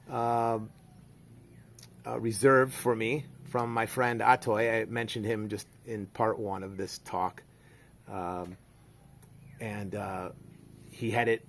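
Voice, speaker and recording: A middle-aged man, telling a rambling story in a casual monologue full of fillers and restarts. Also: mid-range voice. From United States. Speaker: vlogger.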